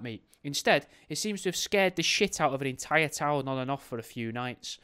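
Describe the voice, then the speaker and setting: A man's voice: mid-range voice, animated, normal speed, few pauses, pushed and bright, clean tone. A man hosting a podcast in a casual, rambling, jokey way, often correcting himself mid-sentence. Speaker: podcast host.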